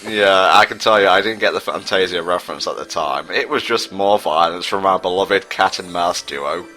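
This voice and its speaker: A man with a very low, deep voice and a bright, forward edge trades dry, sarcastic asides while playing through a video game. Faint game music runs underneath his casual commentary. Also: moderate pace, low-quality recording. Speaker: let's play co-commentator.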